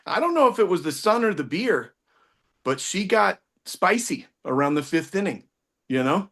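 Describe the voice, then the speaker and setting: A man doing a rambling, self-mocking stand-up set over a video call, with occasional bursts of loud singing. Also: sits high, big pitch swings, normal speed. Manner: rambling, self-mocking delivery with sudden loud sung bits. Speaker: stand-up comedian. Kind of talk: stand-up set on a virtual show.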